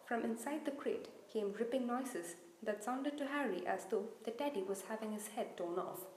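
Brief: woman storyteller reading a children's novel aloud, expressive, fairly high voice, roomy echo. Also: normal speed, slight background noise. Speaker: reader.

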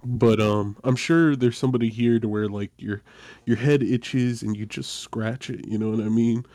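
A man hosting a podcast, telling a funny story from his childhood in a casual, animated, self-deprecating way. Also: medium pitch, moderate pace, no echo. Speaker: podcast host.

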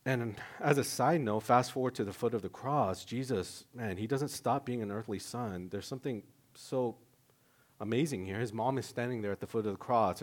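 A man preaching a sermon in a lively, conversational way, with self-mocking humor, sudden loud rises and soft drops. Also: medium pitch, moderate pace. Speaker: pastor.

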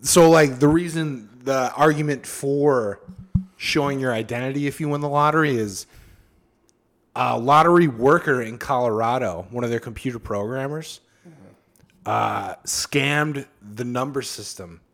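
A young man on a podcast, talking in a relaxed, rambling way. He swears freely and fills his sentences with "like" and "um". His voice sits in the middle range for a man. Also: mid-range voice, a little slow. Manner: loose and profane, full of fillers, acts out quotes. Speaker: podcast co-host. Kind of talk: casual chat.

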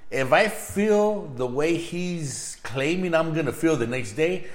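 A man's voice: a little high, lively intonation, unhurried. A middle-aged man hosting a podcast, telling a story in loose, casual chat, swearing freely and tossing in Spanish words. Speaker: podcast host. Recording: roomy echo.

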